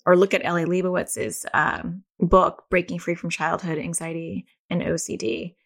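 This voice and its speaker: A middle-aged woman talks into a podcast mic in a relaxed, chatty way. Her voice sits slightly low, and she reassures the listener with a gentle tone and many casual fillers. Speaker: podcast host.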